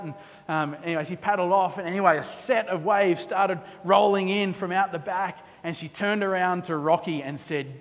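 A man preaching a sermon, telling stories with lively quoted asides. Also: high voice, normal speed. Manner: storytelling, animated with quoted asides. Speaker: pastor. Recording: long hall reverb.

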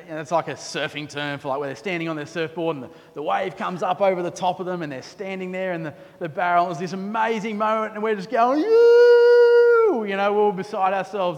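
A man preaching a sermon, telling stories with lively quoted asides. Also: high-pitched. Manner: storytelling, animated with quoted asides. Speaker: pastor. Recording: long hall reverb.

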